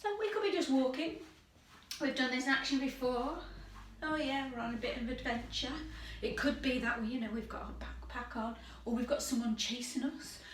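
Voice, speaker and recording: A woman leading a drama warm-up video, chatty and lively, calling out game commands with energy. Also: on the high side, moderate pace, far from the mic, a little hiss or hum. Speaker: drama workshop leader. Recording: echoey room, voice away from mic.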